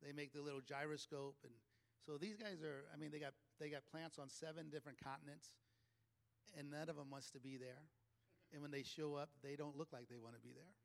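A man's voice: on the high side, vocal fry. A man, a leadership coach, telling a chatty story to a live audience and laughing often between phrases.

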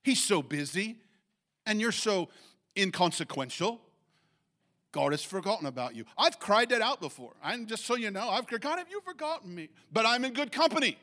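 A man preaching a sermon, his voice pitched a little high for a man. He talks in an animated way, leaping up in pitch on emphatic points and stumbling through restarts and fillers. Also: normal speed. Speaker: pastor.

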